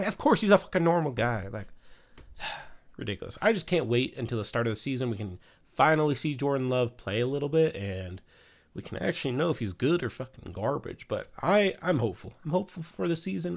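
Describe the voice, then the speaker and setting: A man's voice: mid-range voice, animated, brisk, gravelly. A young man hosting a casual weekly football news recap, swearing freely as he talks. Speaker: sports news host.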